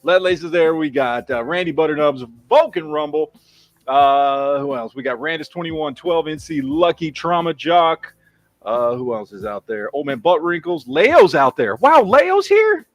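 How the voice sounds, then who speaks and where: A man's voice: fairly high pitch, normal speed, no echo. Profane Texan man hosting a livestream. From Texas. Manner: rambling, profane, reads chat names aloud. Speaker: livestream host. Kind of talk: casual livestream chat.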